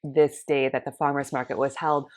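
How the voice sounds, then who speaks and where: A woman telling a personal faith story in an animated way, acting out the dialogue in different voices. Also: a bass voice, normal speed.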